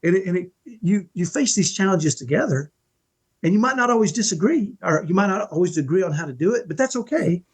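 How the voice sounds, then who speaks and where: A man's voice: high voice, expressive, a little fast, husky. A middle-aged man speaking as a podcast guest in an earnest, emphatic way, often checking in with "right?". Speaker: podcast guest, parenting coach. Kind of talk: conversational interview.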